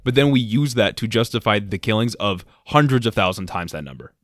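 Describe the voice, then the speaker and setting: A man's voice: on the low side, lively intonation, brisk, no room sound, studio quality. A man co-hosting a podcast, talking politics in an emphatic, heated way and swearing at times. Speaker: podcast co-host. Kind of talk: casual political chat.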